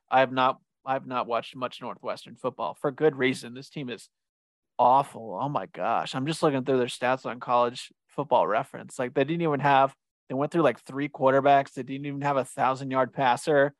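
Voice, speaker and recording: A man's voice: mid-range voice, no room sound. Chatty male podcast co-host, exclaims over stats, dry close recording. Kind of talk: casual sports podcast chat.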